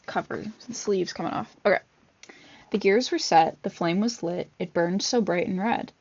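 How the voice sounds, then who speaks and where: A woman's voice: mid-range voice, normal speed, gravelly, darkish tone, a little hiss or hum. A woman vlogger reading a picture book aloud, with chatty asides and fillers between pages. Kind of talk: casual read-aloud with commentary. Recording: dull lo-fi recording.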